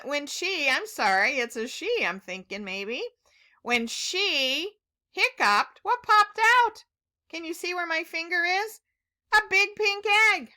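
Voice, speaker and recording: A woman reading a picture book aloud to young children, gently asking them questions as she goes. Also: high-pitched, clear, resonant tone. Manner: gentle, encouraging, asks the listener questions. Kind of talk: read-aloud story lesson for kids.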